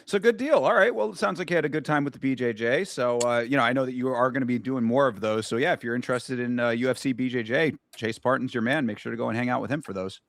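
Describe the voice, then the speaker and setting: A man's voice: mid-range voice, fast talker, creaky, few pauses, fairly bright tone. A man co-hosting a casual sports talk show, easygoing and steering the conversation. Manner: easygoing, wrapping up and steering topics. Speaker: podcast co-host. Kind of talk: casual chat.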